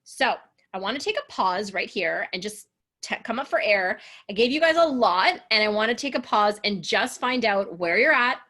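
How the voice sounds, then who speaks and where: A woman's voice: medium pitch, expressive, normal speed, pushed and bright. A woman relationship coach leading an online coaching session, earnest and encouraging, sometimes acting out the voices of people she describes.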